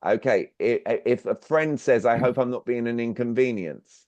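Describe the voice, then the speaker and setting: A man with a darkish, mid-range voice speaks at normal speed while leading an online sales workshop. He addresses listeners head-on and drills them with questions, heard through dull, dry video-call audio.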